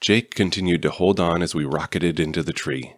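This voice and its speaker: Deep-voiced guy reading a fan audiobook, steady, dry close sound. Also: fairly quick, no echo. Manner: steady storytelling. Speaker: audiobook reader. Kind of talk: first-person audiobook narration.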